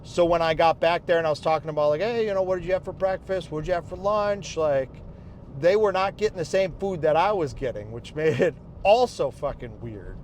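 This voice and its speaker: A man's voice: a little high, brisk, darkish tone, slight background noise. Angry swearing man telling a story. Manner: angry, heavy swearing, quoting others in his own voice. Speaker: vlogger recounting his rehab experience. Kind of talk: casual storytelling monologue.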